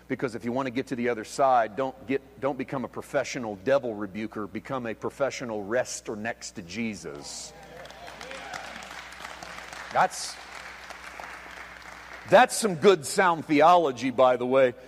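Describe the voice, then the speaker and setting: A man preaching a sermon as pastor, swinging between hushed, quiet lines and loud, emphatic ones. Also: mid-range voice, a little slow, pauses often, a faint crowd, a little hiss or hum. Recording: long hall reverb.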